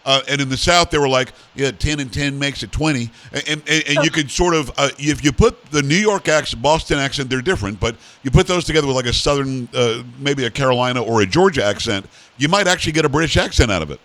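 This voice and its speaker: A man's voice: mid-range voice, animated, fast, few pauses, fairly bright tone. A man hosting a talk-radio show, asking his guest questions in a plain-spoken, conversational way.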